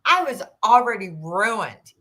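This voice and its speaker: Bright-voiced woman in her sixties telling her story. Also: on the high side, slow. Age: 60s. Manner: animated, acts out quoted dialogue, rambling restarts. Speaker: podcast guest. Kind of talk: personal storytelling in an interview.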